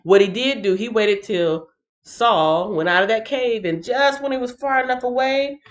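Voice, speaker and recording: A woman's voice: fairly high pitch, normal speed. A woman hosting a Bible reading livestream in a playful, chatty way, laughing often and talking straight to her viewers. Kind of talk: casual livestream chat.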